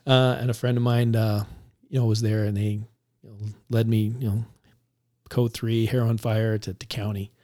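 A man, a police officer, recounting a story in a relaxed conversational way, laughing now and then as he talks. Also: on the low side, moderate pace. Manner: animated, laughs while recounting.

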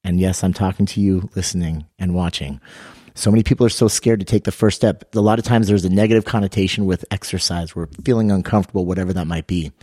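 A man with a low, dark and mellow voice tells a story on a podcast with lots of energy. He acts out the people in his story. The sound is dry and close. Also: fast, no echo. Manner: energetic storyteller, acts out quotes with raised pitch. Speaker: podcast co-host and fitness coach.

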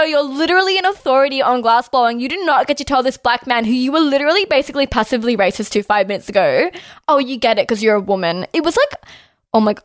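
A woman's voice: high-pitched, no echo, clean studio sound. A young woman co-hosting a podcast, ranting in heated, sarcastic casual chat with lots of swearing. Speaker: podcast co-host.

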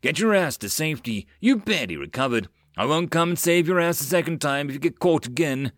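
A man's voice: a little high, expressive, fairly quick, fairly bright tone, no echo, clean studio sound, voice pushed up. A man playing a cocky male marine sergeant who barks orders and teases, in an audiobook. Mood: gruff. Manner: barking orders, teasing.

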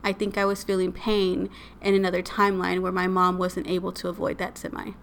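A woman's voice: on the low side, completely flat delivery, fairly quick, creaky, a little hiss or hum. A woman co-hosting a podcast, casually retelling eerie stories with lots of "like" and "right?". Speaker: podcast co-host. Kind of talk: casual storytelling chat.

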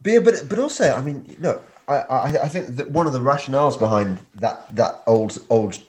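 A man's voice: mid-range voice, animated, a little fast, a little mellow. A man hosting a podcast, drowsy from painkillers, who rambles and stammers over his words. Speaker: podcast host. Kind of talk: casual podcast chat.

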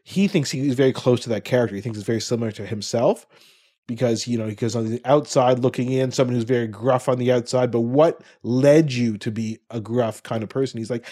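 A man's voice: mid-range voice, brisk, mellow. Rambling middle-aged man reviewing movies. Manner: rambling, loses track and restarts. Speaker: podcast co-host. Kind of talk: casual movie review chat.

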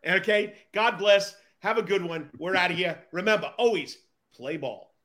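A man's voice: sits high, normal speed, fairly bright tone. A man co-hosting a casual baseball podcast, chatty and stumbling over his words. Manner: stumbling, self-deprecating, chatty. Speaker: podcast co-host, the Coach.

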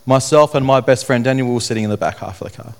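Young man, earnest testimony speaker, halting and repetitive, mid-pitched voice. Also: vocal fry. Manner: earnest, halting, repeats phrases. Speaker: speaker telling his testimony. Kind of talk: personal testimony talk to an audience.

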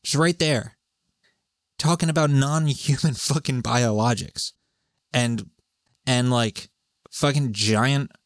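A man's voice: mid-range voice, a bit bright, no echo. Casting note: man, solo podcast rant, sweary and sarcastic, dry close sound, mid-range voice. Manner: profane, rambling, sarcastic. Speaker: podcast host. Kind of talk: solo rambling monologue.

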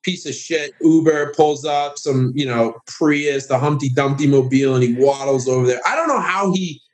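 At a moderate pace, a man guesting on an easygoing podcast relates a lengthy story with plenty of sarcasm and energy. To imitate other people, he shifts into high voices.

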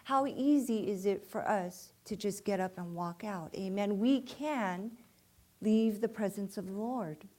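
A woman's voice: medium pitch, unhurried, dark tone. A woman preaching a sermon in church, often calling "amen?" to the congregation and rising to fervent emphasis.

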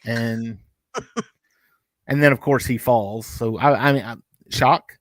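A man co-hosting a fan review podcast in casual chat, often stumbling over his words and restarting sentences. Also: medium pitch. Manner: halting, many restarts and fillers. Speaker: podcast co-host.

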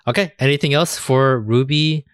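A man co-hosting a casual podcast chat, animated, often acting out mocking quotes. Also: medium pitch, normal speed, smooth, dry recording, studio quality. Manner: animated, mock-quotes characters, swears. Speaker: podcast co-host.

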